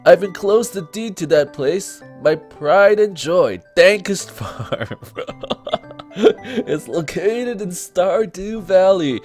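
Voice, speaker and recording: A man putting on the slow voice of a gentle, dying old grandfather. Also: sits high, lively intonation, faint music behind, voice pushed up. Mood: tender. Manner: reads very slowly.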